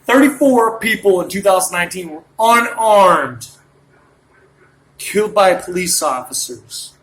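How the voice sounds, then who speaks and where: A man's voice: high-pitched, lively intonation, unhurried, a bit bright, low-quality recording. A man in his late thirties delivering a ranting monologue, worked up and jumping from point to point as he talks. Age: late 30s. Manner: worked up, rambling, jumps between points.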